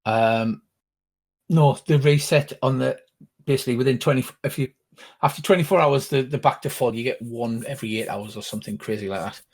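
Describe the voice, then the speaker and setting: An older man narrating as game master, explaining rules with halting, rambling speech. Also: medium pitch, slightly rough.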